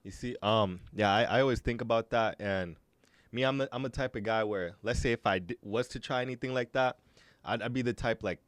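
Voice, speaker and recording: A young Canadian man hosting a podcast, talking casually in a halting way, often repeating his words as he tells stories. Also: medium pitch, a bit bright, no room sound. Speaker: podcast host.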